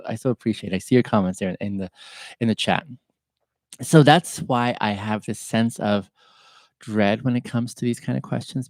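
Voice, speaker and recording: Earnest, gentle man with a low, mellow voice. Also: no room sound. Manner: gentle, earnest, openly emotional. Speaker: podcast host. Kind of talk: reflective livestream talk.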